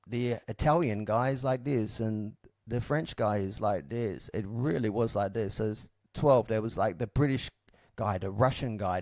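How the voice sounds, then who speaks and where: A man with a fairly low voice speaks in a dry, close recording. He tells his story casually and frankly, pausing on fillers and restarting his sentences as he reflects. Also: darkish tone, no echo. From Australia. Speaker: podcast guest telling his story.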